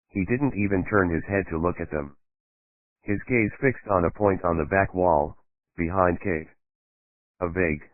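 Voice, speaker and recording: A man reads a crime novel aloud at a steady, even pace. His voice is very low, and it comes across dry and narrow, like it is heard over a phone line. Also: dry recording. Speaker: audiobook narrator. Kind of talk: scripted narration. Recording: tinny phone-like dry sound.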